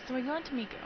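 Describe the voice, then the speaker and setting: A woman's voice: high voice, highs cut off, very noisy. Giggly, hyper young woman gaming. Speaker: let's play host. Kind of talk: casual gameplay commentary.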